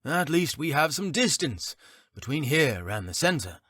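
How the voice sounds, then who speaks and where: A gossipy innkeeper who chuckles through his talk, as a man acts him out, his voice pitched up above the narration and swinging up and down. He is knowing and friendly, leaning in to share rumors. It is a dry, close audiobook read. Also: sing-song, unhurried, a bit bright, dry recording, exaggerated voice. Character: chuckling middle-aged male innkeeper, gossipy. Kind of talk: audiobook character reading.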